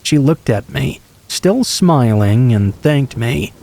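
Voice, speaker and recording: A man calmly reading true scary stories aloud as a steady, scripted horror narration. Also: medium pitch, takes it slowly, creaky.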